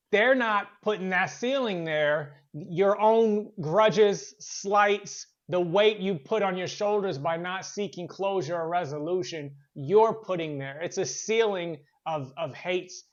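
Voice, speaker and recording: Male trainer giving a motivational talk, high voice, earnest and chatty, dull lo-fi recording. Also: a bit bright. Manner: conversational, earnest, with fillers and repeats. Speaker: workplace trainer and motivational speaker.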